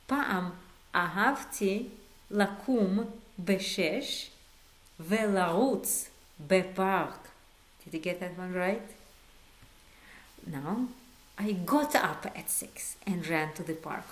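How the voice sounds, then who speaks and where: A woman teaching an online language lesson, coaxing learners with quiz prompts and slow drilled phrases. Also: medium pitch. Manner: switches between slow drilled phrases and quick repeats. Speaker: Hebrew teacher.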